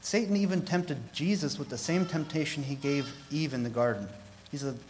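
A man giving a sermon, reading scripture aloud, growing louder and higher on key verses and asking the congregation questions. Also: moderate pace, a little hiss or hum, low-quality recording. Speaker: pastor.

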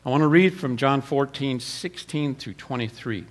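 A man preaching a sermon, telling personal stories in a plain way, often repeating words and clearing his throat. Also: mid-range voice, animated, a little slow.

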